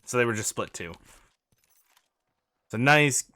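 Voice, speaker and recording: Coaching through gameplay footage at a slow pace, this man has a bright, forceful, animated voice that leaps around in pitch. He urgently repeats the same instructions again and again, recorded close and dry with no echo or room sound.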